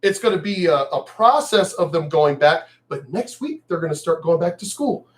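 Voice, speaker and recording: A man's voice: on the high side, animated, moderate pace. A man from El Paso, Texas, ranting angrily about the news in a profane, mocking, emphatic vlog. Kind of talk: profane political rant.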